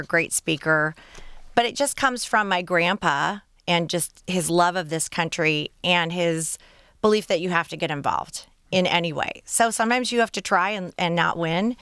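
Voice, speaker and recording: A woman's voice: on the low side, fairly bright tone, smooth, dry recording, clean studio sound. A woman from Michigan, a guest on a radio interview, telling stories in short, earnest clauses.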